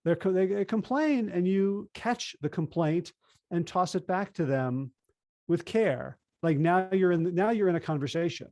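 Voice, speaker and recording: A man's voice: sits high, moderate pace, darkish tone, dry recording, clean studio sound. A man speaking as an interview guest and author, explaining ideas animatedly and acting out quoted dialogue in a conversational way.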